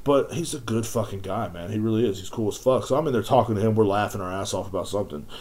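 A man's voice: fairly low pitch, fast talker, a little mellow, slight background noise. A man hosting a podcast, telling a rambling, profane story about his job as a store clerk. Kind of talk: casual rant.

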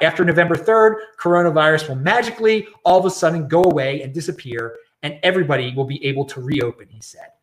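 A man's voice: a little high, a bit bright, reverberant. A man hosting his own show, ranting in casual commentary and often repeating and restarting words. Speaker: show host.

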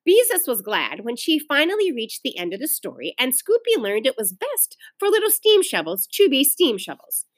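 Expressive woman teacher reading aloud. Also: high-pitched. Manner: expressive storytelling, pauses to explain to children. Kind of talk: reading a novel aloud to a class.

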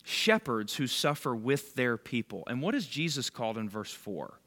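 A bible study leader talks to a small group in a sing-song, mid-range voice that's a bit bright and moderately paced. His sermon is casual and chatty, and he quizzes people by name.

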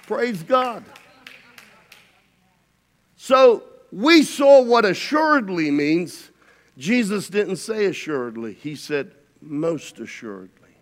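A man preaching a sermon as pastor, swinging between shouted climaxes and hushed, quiet passages. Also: sits high, sing-song, slow, long pauses, big-room sound.

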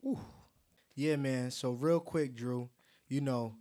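A man's voice: medium pitch, slow, warm tone. A young man co-hosting a podcast, talking in a casual, upbeat way with hype-man slang. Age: young adult. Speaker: podcast co-host. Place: table indoors with drinks.

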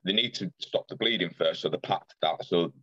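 A young man speaks in a very deep, low voice, retelling his story earnestly and in close detail, often restarting and acting out what people said. The sound is dry and close, with a slightly dull, lo-fi quality. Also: normal speed, fairly bright tone, slightly rough, no echo. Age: young adult. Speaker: podcast guest. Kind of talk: personal storytelling in conversation.

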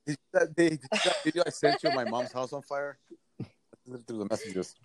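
A man's voice: medium pitch, animated, quick pace, a loud crowd. Crude rambling man telling stories. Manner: crude, rambling storyteller, swears a lot. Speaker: podcast host. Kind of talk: casual chat.

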